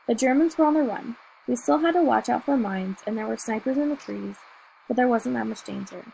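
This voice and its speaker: A woman reading a novel aloud in first person, telling the story in a steady, measured way. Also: a little high, gravelly, a little hiss or hum, poor audio. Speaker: audiobook reader.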